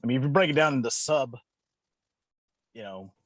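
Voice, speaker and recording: A man's voice: mid-range voice, moderate pace, a bit bright, no room sound. Opinionated man, dry close sound. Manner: opinionated, fond of correcting pronunciation. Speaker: podcast co-host. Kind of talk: casual chat.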